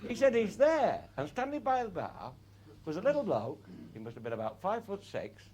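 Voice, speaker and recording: A man's voice: sits high, huge pitch swings, a little fast, darkish tone. A man telling a comic anecdote in an earthy way, swearing freely and chuckling through his punchlines. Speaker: raconteur.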